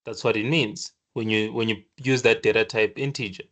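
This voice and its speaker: Sharing his screen, a man with a lowish voice tutors viewers through a coding lesson in a relaxed, lively way. He thinks out loud with halting restarts and briefly plays the part of the computer scolding him.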